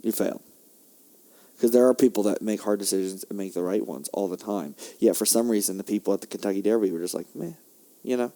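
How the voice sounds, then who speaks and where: Ranting fast and swearing freely, a young man hosts his podcast in a fiery solo tirade. He alternates between shouting bursts and quiet grumbling.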